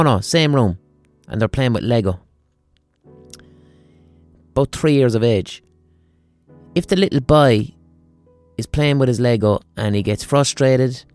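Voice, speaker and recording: A man, a podcast host giving an animated monologue and acting out the voices he quotes. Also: mid-range voice, no room sound.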